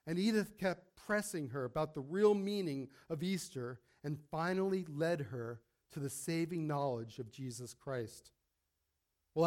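A male pastor telling a long story from the pulpit, fairly high-voiced for a man. He calls out to the congregation and pulls them in. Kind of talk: sermon storytelling.

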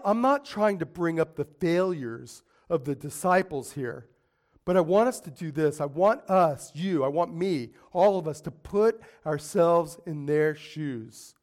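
A man with a high-pitched voice delivers a sermon as dramatic storytelling. He swings between hushed, slow passages and forceful, acted-out quotes. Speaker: pastor.

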